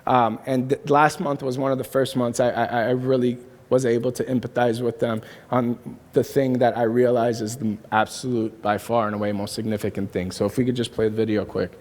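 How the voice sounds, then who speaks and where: A man's voice: mid-range voice, flat delivery, brisk, hardly any pauses, a little mellow. A man preaching a sermon, telling a personal story in an earnest, emphatic way. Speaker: pastor. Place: church auditorium. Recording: long hall reverb.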